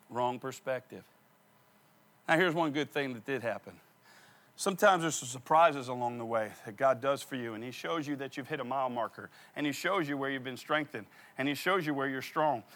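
A middle-aged man preaching a sermon, telling stories with animated repetition of key phrases. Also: medium pitch, brisk. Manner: animated storytelling, repeats phrases for emphasis. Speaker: pastor.

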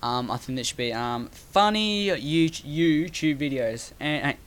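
A man's voice: a little high, animated, unhurried, a bit bright, smooth. A man co-hosting a casual podcast, talking hesitantly with many ums. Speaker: podcast co-host. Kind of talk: casual chat.

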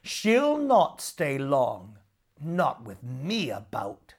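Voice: mid-range voice, wildly swooping pitch, extremely slow, full character voice. A storyteller voicing a boastful male water demon who roars, laughs and gloats, in a storybook read-aloud. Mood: gloating. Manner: loud, roaring laughter and gloating threats.

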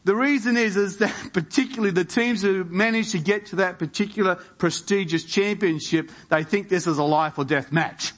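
A man preaching a sermon in a church, his voice sitting a little high for a man. He builds toward emphatic rhetorical questions and leans into key phrases. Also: normal speed, few pauses. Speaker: pastor.

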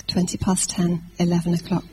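Woman preacher telling a lively story. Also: lowish voice, brisk, background noise. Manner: lively anecdotal telling with fillers and restarts. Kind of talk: sermon storytelling.

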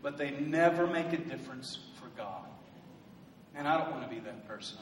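High-voiced man preaching in an echoey hall. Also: animated, moderate pace, slight background noise. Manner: preachy, builds to loud emphatic bursts. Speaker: pastor. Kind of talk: sermon. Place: church sanctuary. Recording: echoey hall from a distant mic.

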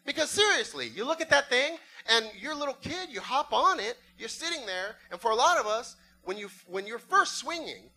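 A man's voice: very high voice, big pitch swings, fairly quick, hardly any pauses, bright, forceful tone, poor audio. A middle-aged man preaching a sermon, telling a funny story and acting out voices and sound effects. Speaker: pastor.

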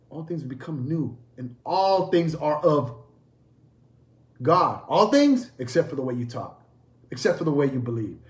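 A man delivering a sermon with a lively, swooping voice that rises higher than most. He hammers points home by repeating phrases and throwing rhetorical questions at the listeners. The sound carries a roomy echo. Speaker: preacher.

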